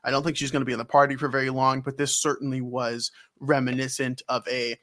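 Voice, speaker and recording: Guy recapping a video game on a podcast, rambly, lots of ums, bright tense voice. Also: mid-range voice, flat delivery, fairly quick, hardly any pauses. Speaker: podcast co-host. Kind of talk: casual game recap chat.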